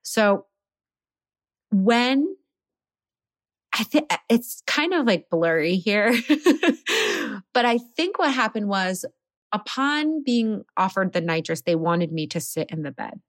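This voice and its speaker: A woman in her thirties casually telling her birth story as a podcast guest, animated and laughing often. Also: mid-range voice, takes it slowly, long pauses, no room sound, studio quality.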